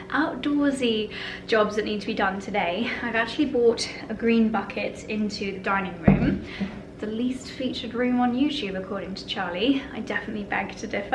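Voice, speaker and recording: A woman's voice: mid-range voice, noisy background. A woman chatting through a casual home vlog tour, gushing with lots of "lovely" and "cozy". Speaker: lifestyle vlogger. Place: indoors at home and in holiday cottages.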